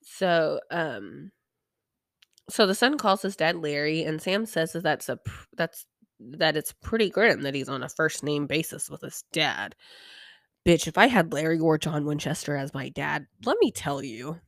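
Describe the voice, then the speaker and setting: A woman's voice: sits low, expressive, a little slow, gravelly, no room sound, clean studio sound. A young woman hosting a podcast, casually recapping a TV episode in a chatty, irreverent way, swearing freely and sighing now and then. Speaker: podcast host.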